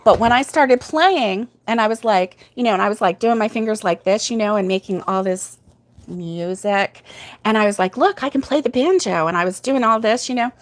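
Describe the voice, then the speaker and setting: A woman's voice: mid-range voice, moderate pace. Chatty older woman, laughing often. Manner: chatty, laughs often, reads viewer comments aloud. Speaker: host of a crochet livestream. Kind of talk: casual chat and storytelling.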